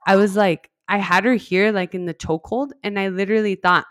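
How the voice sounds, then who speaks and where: A woman's voice: medium pitch, brisk, dry recording. A young adult woman telling a personal story in a casual, chatty way, full of "like"s and acted-out quoted dialogue. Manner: chatty, many "like"s, animated quoted dialogue, laughs. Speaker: podcast host telling her birth story.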